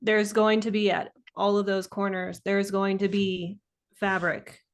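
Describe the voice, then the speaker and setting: A woman's voice: medium pitch, little pitch movement, unhurried. A woman co-hosting a live online quilting lesson, explaining sewing steps with hesitations. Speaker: co-host.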